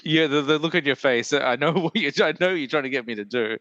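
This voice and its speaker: A man's voice: fairly high pitch, fast, a bit bright, dry recording, in a large hall, lo-fi sound. A man hosting a podcast in casual chat, rambling and joking, often breaking into put-on voices. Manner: rambling, self-interrupting, jokey with put-on voices. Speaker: podcast host.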